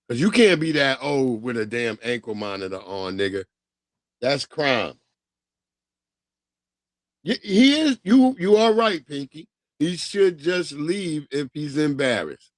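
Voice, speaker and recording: A man's voice: mid-range voice, no echo. Blunt, laid-back livestream host man. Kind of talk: casual chat.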